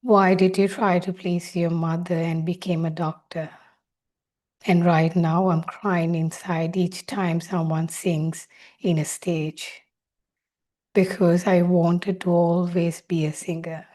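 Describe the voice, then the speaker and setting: A woman's voice: on the low side, level tone, takes it slowly, dark tone. A woman speaking as her listener's hurt, neglected inner child, asking one reproachful question after another. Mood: pleading.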